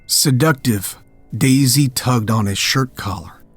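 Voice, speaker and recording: A man narrates a horror tale in a slow, measured, darkly dramatic tone. His voice sits close and dry, with faint music underneath. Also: mid-range voice, slightly rough, no room sound.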